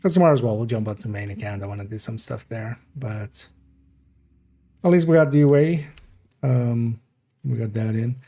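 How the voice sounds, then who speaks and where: A man's voice: medium pitch, moderate pace, pauses often, mellow. A man streaming a game, chatting casually in a rambling, mumbling way full of fillers. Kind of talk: casual livestream game talk.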